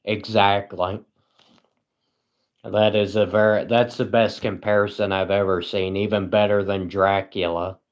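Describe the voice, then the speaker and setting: A man livestreaming at home, reading chat aloud and answering with deadpan sarcasm and frequent chuckles. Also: on the low side, a little slow.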